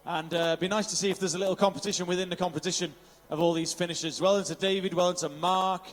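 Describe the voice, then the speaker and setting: A man with a high-pitched, steady voice speaks at a quick pace, his sound big as a room's, while announcing at an outdoor triathlon finish. His cheerful live commentary includes interviews, a stream of finishers' names, and Welsh phrases.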